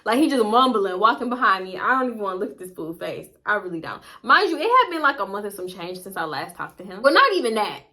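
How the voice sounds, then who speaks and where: A woman casually telling a personal story to her viewers, candid and animated, with frequent asides. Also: mid-range voice, quick pace, few pauses. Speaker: storytime vlogger.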